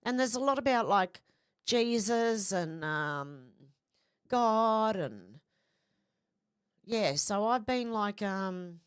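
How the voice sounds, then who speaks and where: A chatty woman hosts a live chat and talks in a loose, rambling way. She has a medium pitch, and the recording is dry and close. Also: expressive, slow pace, pauses often, clean tone, no room sound. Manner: chatty, rambling, laughs easily. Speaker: livestream host reading viewer comments.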